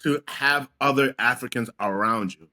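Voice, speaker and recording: Animated young New man telling stories. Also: mid-range voice, normal speed. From Senegal. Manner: animated storyteller, acts out his own quotes. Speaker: podcast co-host. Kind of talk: casual chat.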